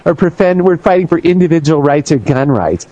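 A male talk-radio host who speaks in an angry, profane, shouting rant. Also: a little high, expressive, fairly quick, dry recording, highs cut off.

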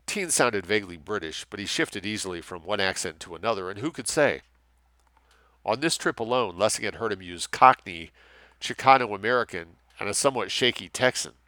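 A man reading a thriller aloud with steady, measured narration. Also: on the low side, dry recording. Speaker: audiobook narrator. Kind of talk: scripted narration.

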